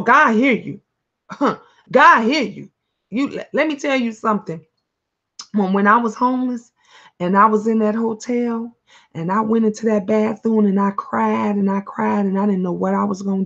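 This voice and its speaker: A woman's voice: mid-range voice, muffled recording. A woman who is a mother, hosting a live online talk stream, answering viewers with blunt, profane, preachy encouragement. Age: adult, a mother.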